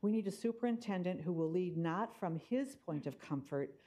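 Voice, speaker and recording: Firm woman advocate, lowish mellow voice. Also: lively intonation. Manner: firm, pointed, deliberate emphasis. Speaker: community advocate at public comment. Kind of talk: prepared public comment.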